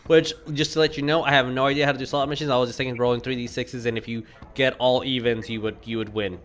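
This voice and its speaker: A man's voice: medium pitch, level tone, fast, fairly bright tone. A man running a tabletop game as game master, chatty and explaining rules as he makes them up.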